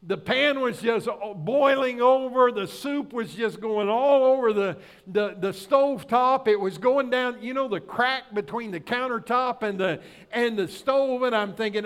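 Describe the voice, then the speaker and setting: A middle-aged male pastor with a high-pitched voice that rides above most men's, preaching in a folksy, storytelling manner. He keeps turning to the congregation with rhetorical questions as he makes his point. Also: unhurried, smooth. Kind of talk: sermon with personal story.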